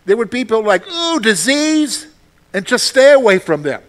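This pastor talks fast in a high, expressive voice, keeping his sermon conversational while repeating phrases and asking the congregation questions.

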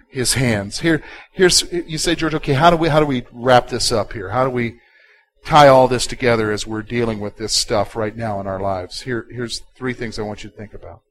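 A pastor preaching a sermon, swinging from quiet, intimate passages to loud, emphatic ones. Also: male voice, medium pitch, low-quality recording.

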